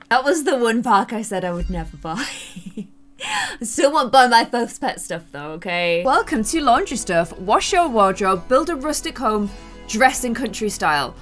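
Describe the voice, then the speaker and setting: A young woman talks through her gameplay in a chatty, self-mocking way and giggles often. Her fairly high voice swoops up and down constantly. Soft music plays faintly under her talk. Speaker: gaming YouTuber. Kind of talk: Let's Play commentary.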